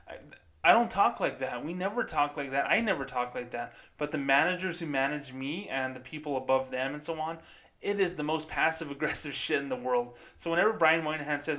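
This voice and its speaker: A man's voice: a little high, brisk, sharp tone. Man ranting sarcastically with profanity. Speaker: podcast host. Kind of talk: casual ranting commentary.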